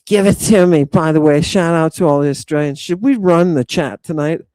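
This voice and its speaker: A man in middle age hosts a live chat stream, jumping from comment to comment with loud, profane enthusiasm. His voice sits a bit higher than most men's and comes across close and dry, with no room echo. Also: normal speed, clear, resonant tone. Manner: excitable, profane, riffing on viewer comments. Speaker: livestream host reading chat.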